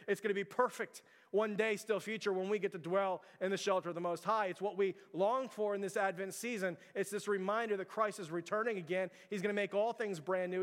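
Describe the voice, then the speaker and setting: A young adult male pastor giving a conversational sermon in a church, asking the congregation questions. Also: sits high. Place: church sanctuary. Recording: long hall reverb.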